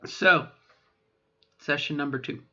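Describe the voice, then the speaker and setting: For a voice training vlog, a middle-aged trans woman speaks in her unaltered voice, which sits low and sounds pushed and bright. She talks slowly, meandering and hesitant in rambling self-talk, and corrects herself often, on a dull lo-fi recording.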